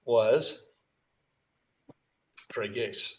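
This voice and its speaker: A man's voice: mid-range voice, extremely slow, a little mellow, far from the mic. A man co-hosting a casual livestream, chatty and enthusiastic as he talks about food and plugs his business. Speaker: mortgage lender and co-host.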